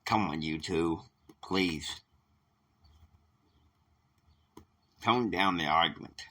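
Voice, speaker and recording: A man voicing a political adviser in an amateur role-play, who speaks in a hushed, placating way to calm an argument. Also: deep voice, unhurried, slightly rough, pitched below the performer's own voice, full character voice, poor audio. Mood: soothing. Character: soft-spoken male political adviser, calm peacemaker.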